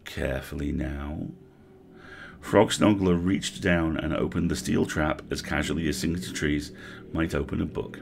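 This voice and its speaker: Man, story reader, expressive book narration, very low pitch, gravelly. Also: a little hiss or hum. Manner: vivid, animated narration. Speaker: storyteller on a livestream.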